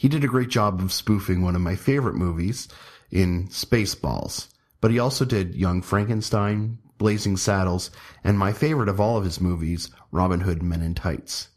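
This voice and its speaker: A man's voice: low-pitched, normal speed, a little mellow. A man in his thirties hosting his own podcast, talking casually and rambling a bit with fillers and restarts. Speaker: podcast host. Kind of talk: casual solo podcast talk.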